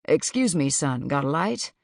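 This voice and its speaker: A genial bearded Kentucky man of middle years, put on by a woman reading an audiobook. He talks in a folksy, easygoing drawl, low and gravelly. The sound is close and dry. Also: lively intonation, normal speed, darkish tone, no room sound. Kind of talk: audiobook character voice.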